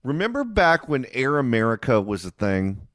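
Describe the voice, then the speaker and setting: A male talk radio host riffs sarcastically on air, his pitch rising and falling freely. The studio sound is close and dry. He talks in quick banter. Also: dry recording. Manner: animated, sarcastic.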